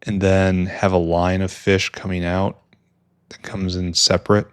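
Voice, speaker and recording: A man with a low, deep voice talks slowly through a game he is playing, rambling and thinking aloud. He makes wry little asides and often drops into quiet mutters to himself. The sound is dry and close to the mic. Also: level tone, clear, resonant tone, no echo. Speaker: gameplay streamer. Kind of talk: casual let's-play commentary.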